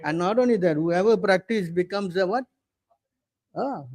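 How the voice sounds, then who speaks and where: On a dry recording, a man with a high voice and darkish tone teaches scripture as a preacher at an ordinary pace. His first language is English, and he is relentless, pounding his points, quizzing the audience, and continually demanding their attention.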